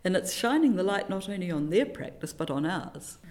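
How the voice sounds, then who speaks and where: Woman, middle-aged, from New Zealand, somewhat low voice, animated, self-deprecating, quotes sayings, interview guest. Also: fairly quick. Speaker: interviewee, teacher educator. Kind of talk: reflective conversational interview.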